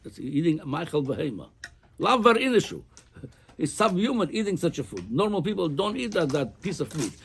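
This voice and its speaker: A man's voice: a little high, brisk, slightly rough. A man teaching a Torah class as a rabbi. He often repeats words while he thinks. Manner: animated, repeats words while thinking, mixes Hebrew and Aramaic terms.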